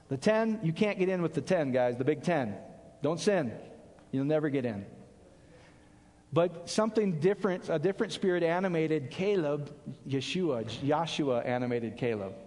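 A male pastor preaching an animated sermon, quizzing his audience and answering his own questions. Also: a little high. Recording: long hall reverb.

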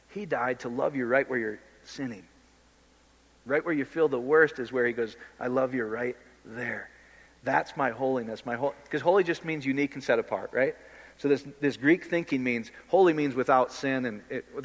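A man preaching an informal sermon in a blunt, impassioned, conversational way, often addressing the listeners directly. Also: mid-range voice. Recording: long hall reverb.

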